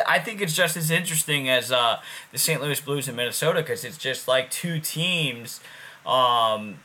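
A man's voice: fairly high pitch, pushed and bright. A man co-hosting a casual sports podcast, talking loosely, swearing and repeating himself. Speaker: podcast co-host.

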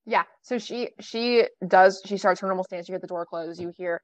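A woman running a horror tabletop game as game master, narrating in a suspenseful, halting way. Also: on the low side, no room sound. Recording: dry, slightly muffled recording.

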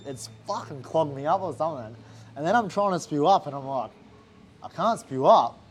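Animated Australian man telling a story. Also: on the high side, fast talker, slight background noise. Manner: swears a lot, acts out quotes animatedly. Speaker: fighter. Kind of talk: casual interview storytelling.

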